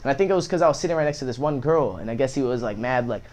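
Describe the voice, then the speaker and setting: A man's voice: medium pitch, expressive, rapid-fire, darkish tone. A young man, a podcast guest, telling a story in a casual, profane way with many fillers.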